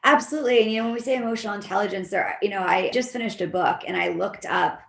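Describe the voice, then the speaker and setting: A woman behavior analyst, a guest in an interview, explaining her methods in a lively way and acting out the voices of the people she quotes. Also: medium pitch, quick pace, creaky, roomy sound. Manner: animated, acts out quoted voices. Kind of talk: conversational interview.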